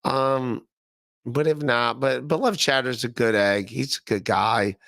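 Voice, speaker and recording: Gravelly, profane podcast host from Ohio. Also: male voice, mid-range voice, a little slow, a bit bright, no echo, studio quality. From Northeast Ohio. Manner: rambling, profane, laughing often, repeating himself. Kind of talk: casual livestream chat reading chat comments.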